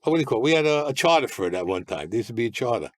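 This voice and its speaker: A man's voice: medium pitch, big pitch swings, very fast, dry recording. A man telling his own story as a podcast guest, in a blunt, streetwise way and mostly in the present tense. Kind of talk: storytelling interview.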